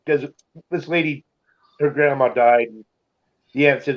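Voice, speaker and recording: An easygoing man chats casually and tells a story at an unhurried pace. The sound is slightly muffled and dull. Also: medium pitch, fairly even intonation. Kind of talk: casual chat.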